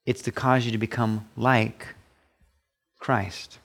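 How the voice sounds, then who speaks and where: A man's voice: fairly even intonation, a little slow. Man preaching a sermon, middle-aged, emphatic, voice jumps up for asides. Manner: emphatic preaching, pitch rising sharply on quoted asides. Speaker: pastor.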